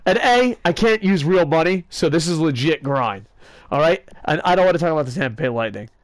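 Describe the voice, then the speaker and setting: A man's voice: a little high, a little fast, no room sound. A man hosting a casual gaming video, rambling through jokes, sarcastic rants and cursing while chatting with a friend off-mic. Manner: excitable, talks to a friend off-mic.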